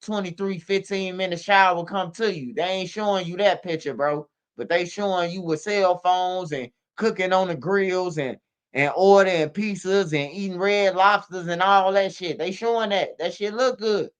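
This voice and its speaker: A man's voice: sits high, normal speed, clear, resonant tone. A man hosting a casual street news commentary stream, slangy and emphatic, ending lines with "bro" and "man". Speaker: commentary channel host. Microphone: streaming setup microphone.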